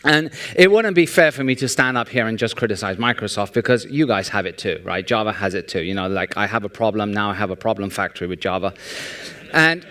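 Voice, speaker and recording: A man giving a humorous, sarcastic conference talk in a large hall, telling jokes and anecdotes in a lively storytelling way. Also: on the low side, a little fast. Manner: sarcastic, joking, animated storytelling. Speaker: conference speaker.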